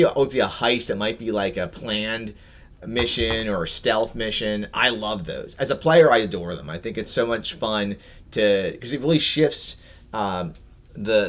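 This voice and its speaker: A man's voice: on the low side, fairly bright tone. A man co-hosting a tabletop gaming chat show, talking casually and rambling with repeated words.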